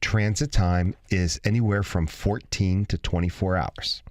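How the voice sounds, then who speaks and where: A man co-hosting a radio show, chatting and telling funny stories in an animated, jokey way. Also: unhurried, no room sound, clean studio sound. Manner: animated, jokey, lively pitch swings. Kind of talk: casual radio banter and storytelling.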